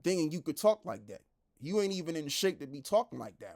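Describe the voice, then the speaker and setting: A man preaching online, blunt and repetitive, who drops into a lower, quieter voice when he reads scripture aloud. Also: very animated, fairly quick, vocal fry. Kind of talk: street-style preaching commentary.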